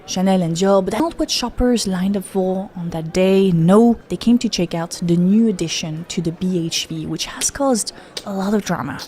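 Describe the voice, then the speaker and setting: A woman's voice: medium pitch, normal speed, noisy background. A woman from France, narrating a scripted explainer video with wry, sarcastic asides.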